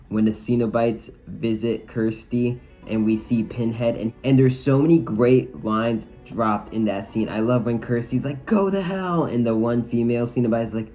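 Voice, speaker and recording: A man's voice: lowish voice, warm tone. A man giving a casual video review of a film, talking loosely and frankly with lots of "like" and some swearing. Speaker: movie reviewer.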